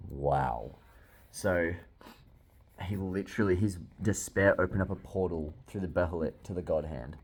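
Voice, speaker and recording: Excitable low-voiced young man. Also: moderate pace, breathy edge. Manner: excitable, swearing, laughing often. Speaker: manga reviewer. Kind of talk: casual reaction commentary.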